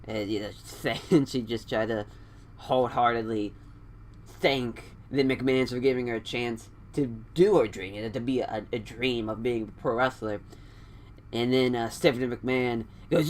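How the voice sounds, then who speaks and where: A man's voice: mid-range voice, fairly even intonation, normal speed, slight background noise. A man casually narrating an imagined wrestling show, rambling and laughing often. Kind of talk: casual storytelling.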